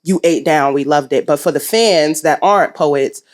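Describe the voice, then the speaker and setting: Woman, poet giving advice, candid, slightly low pitch. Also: moderate pace. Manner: candid, swears freely, laughs at herself. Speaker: poet giving feedback at an open mic. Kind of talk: casual advice to a performer.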